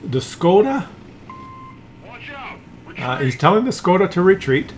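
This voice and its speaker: A man's voice: high-pitched, very animated, measured pace, long pauses, slight background noise. Chatty man commentating a tank game. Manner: chatty, laughs at players, asides to viewers. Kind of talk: casual gameplay commentary.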